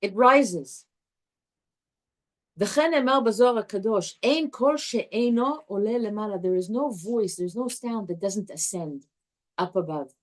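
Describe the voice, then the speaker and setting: Animated woman teaching a Torah class. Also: mid-range voice, measured pace. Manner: animated, warm with students, restarts often.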